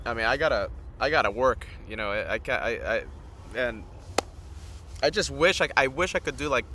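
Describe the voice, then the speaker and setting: A tired man, short on sleep, hosts an outdoor live stream and rambles casually, chatting straight to his viewers. His mid-range voice sounds pushed and bright, with a little hiss or hum in the audio.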